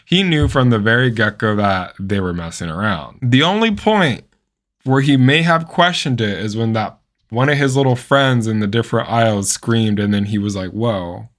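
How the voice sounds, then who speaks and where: A man giving opinionated reaction commentary on video clips, sarcastic and prone to animated outbursts. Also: on the low side, normal speed.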